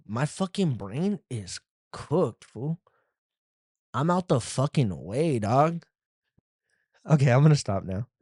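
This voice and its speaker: A man's voice: medium pitch, big pitch swings, slow pace, long pauses, warm tone, slightly rough, dry recording, heavily acted. A podcast host voicing a vulnerable young street dude who drawls slang and ends his phrases with 'fool' or 'dog', recorded on a phone in a dry room. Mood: laid-back. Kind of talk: comedic podcast bit.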